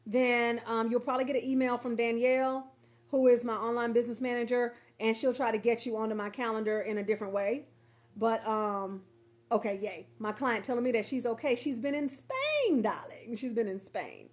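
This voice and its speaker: A woman coach talks casually to her livestream viewers from a couch at home, her voice pitched a little high. She rambles warmly, doubles back and repeats herself. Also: level tone, fairly quick. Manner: chatty, affectionate, rambling with repeats. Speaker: coach and marketer.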